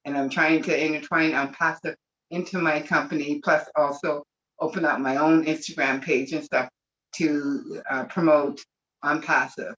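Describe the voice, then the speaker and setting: Gushing, excited Canadian webinar speaker. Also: mid-range voice, normal speed, slight background noise. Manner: gushing, excited, near tears. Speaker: webinar participant. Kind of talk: emotional casual speech. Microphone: video call. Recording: muffled video call audio.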